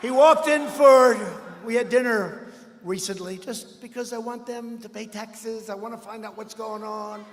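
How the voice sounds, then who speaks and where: A man giving a rambling, boastful campaign rally speech, often breaking into shouts. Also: very high-pitched, unhurried, slight background noise. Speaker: political speaker at a rally. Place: large rally hall. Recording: echoey hall with long reverb.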